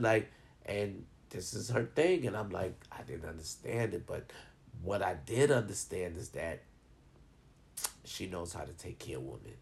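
Gravelly low-voiced man telling stories. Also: measured pace. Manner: profane, animated and rambling. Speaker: vlogger giving advice. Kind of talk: casual storytelling monologue.

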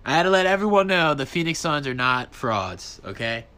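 Solo podcast host, male, bright, forceful voice, casual and profane, ranting with big animated jumps in pitch. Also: normal speed.

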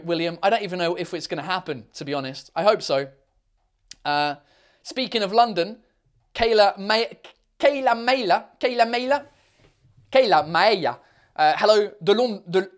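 A man hosting a live stream, chatting casually and reading out viewer comments, rambling and swearing freely with a self-mocking tone. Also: high voice. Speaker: livestream host.

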